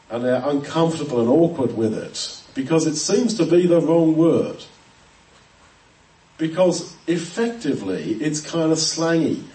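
Preacher in an echoey room. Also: male voice, on the high side, dark tone, recorded from a distance. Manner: earnest, emphatic, with frequent restarts and ums. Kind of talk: expository sermon.

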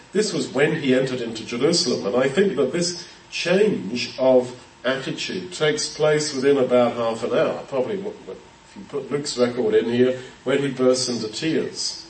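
A man's voice: mid-range voice, darkish tone, a little hiss or hum. Man preaching in a roomy hall. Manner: conversational, thinking aloud with many fillers and restarts. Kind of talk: Bible teaching sermon. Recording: roomy sound from a distance.

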